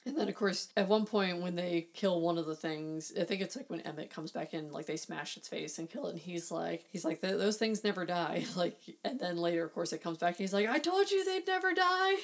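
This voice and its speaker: A woman co-hosting a casual podcast, recapping a movie with animated storytelling, acting out quotes and swearing freely. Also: on the low side, brisk, hardly any pauses. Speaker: podcast co-host.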